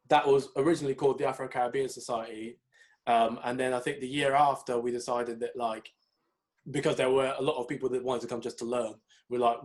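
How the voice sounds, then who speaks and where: A young man, co-hosting a podcast and telling stories in a casual, animated way. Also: medium pitch, fairly quick. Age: young adult. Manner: animated storytelling, mimics people in raised voices. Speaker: podcast co-host. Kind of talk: casual chat.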